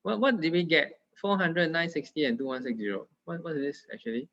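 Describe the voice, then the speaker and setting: A man's voice: on the high side, a little fast, fairly bright tone. A man with a Singaporean English accent, tutoring math in a casual, playful, teasing way. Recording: dull lo-fi sound.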